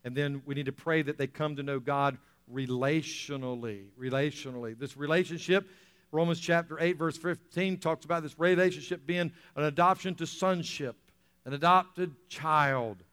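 A man's voice: fairly high pitch, fairly even intonation, normal speed, fairly bright tone, clean tone. A man preaching a sermon as pastor, telling a story with acted-out quotes and repeating phrases for emphasis. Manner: storytelling, acting out quoted voices, rising to emphatic peaks; repeats phrases, frequent "right?" checks with audience.

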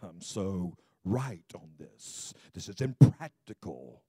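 A sanctimonious male disciple, as a preacher acts him out, speaking low and slow with smug, drawn-out words. The voice drops well below the preacher's own and sits dry and close. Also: very animated, warm tone, husky, no room sound, heavily acted. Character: sanctimonious greedy male disciple, self-righteous.

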